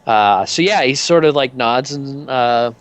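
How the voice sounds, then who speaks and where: A man's voice: mid-range voice, a little slow. A man narrating as game master in a tabletop game, in a loose, filler-heavy way.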